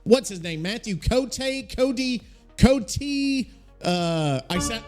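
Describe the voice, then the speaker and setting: A man's voice: high-pitched, animated, takes it slowly, a little mellow, faint music behind. A man hosting a casual podcast alone, rambling and swearing freely as he thinks aloud and looks things up. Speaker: podcast host. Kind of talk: casual solo podcast chat.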